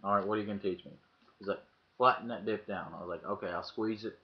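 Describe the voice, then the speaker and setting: Man, low voice, casual profane storytelling, dull webcam sound. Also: steady tone, fast talker. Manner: profane, acts out quoted lines in the story. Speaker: vlogger. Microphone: webcam mic.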